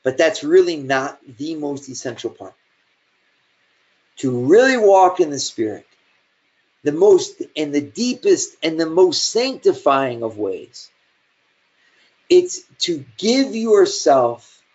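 A man delivering a sermon with a slightly high voice. He talks in a conversational, storytelling way and leans hard on certain phrases. The recording is dull and lo-fi. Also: very animated, slow pace, pauses often, a little mellow. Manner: conversational storytelling with shifting emphasis. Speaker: preacher.

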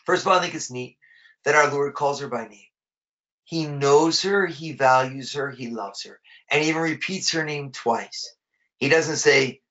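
Bright-voiced male preacher, conversational sermon. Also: medium pitch, moderate pace, muffled recording. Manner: conversational, repeats words while rephrasing.

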